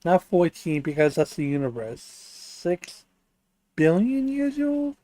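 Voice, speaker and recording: A man hosts his stream in loose, joking chat, pushing back on his guest with mock-serious questions. His pitch swings widely from low to high. The sound is dry and close, with no room echo. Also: sing-song, slow pace, dark tone. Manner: playful, argumentative, talks while chewing. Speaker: stream host. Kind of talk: casual chat.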